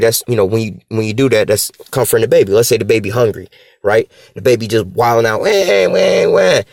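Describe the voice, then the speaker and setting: A man giving a casual, slang-filled Bible teaching, talking conversationally and slowing down to read scripture. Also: medium pitch, a little mellow, no echo, clean studio sound.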